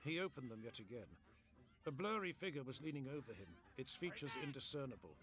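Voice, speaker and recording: A man narrating a story in a steady, descriptive storytelling manner, read aloud on a stream. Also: mid-range voice, a little fast.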